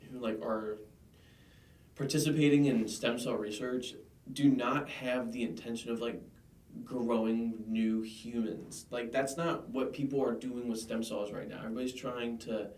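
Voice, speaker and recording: A man's voice: medium pitch, a little slow. Rambling young man in an echoey room. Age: young adult. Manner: chatty, rambling tangents, lively storytelling. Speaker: podcast co-host. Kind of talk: casual interview chat. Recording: echoey room, distant mic.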